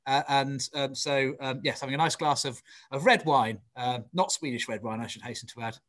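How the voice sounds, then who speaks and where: A man's voice: medium pitch, a little fast, a bit bright. A man chatting on a video call, joking at his own expense with dry humour. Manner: dry, self-mocking humour. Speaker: regular panelist. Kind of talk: casual chat over a video call.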